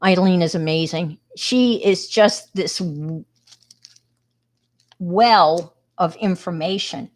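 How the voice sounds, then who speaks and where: A woman's voice: lowish voice, slow pace. A middle-aged woman with a New York accent, chatting casually with viewers on a crafting livestream and greeting them by name.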